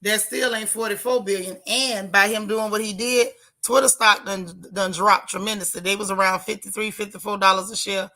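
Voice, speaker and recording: A woman's voice: medium pitch, steady tone, moderate pace, hardly any pauses, pushed and bright. A woman hosting a casual livestream, reading chat comments aloud and teasing her viewers. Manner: chatty, teasing, dramatic exclamations. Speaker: vlog host reading chat.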